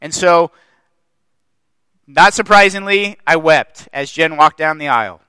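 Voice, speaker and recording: A man's voice: fairly high pitch, a little slow, sharp tone, smooth, dry recording. Young male pastor preaching with passion. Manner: impassioned, building through repeated phrases. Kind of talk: sermon.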